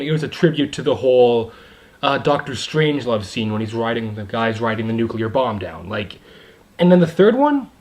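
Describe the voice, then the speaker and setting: A young adult man giving a casual video movie review, excited and rambling, with many asides and fillers. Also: medium pitch.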